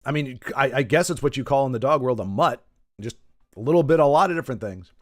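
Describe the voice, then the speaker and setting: A man's voice: mid-range voice, quick pace, no echo, studio quality. A man streaming a video game, chatting casually with viewers in a rambling, self-correcting way, with joking asides. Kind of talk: casual live-stream chat while gaming. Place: in Texas.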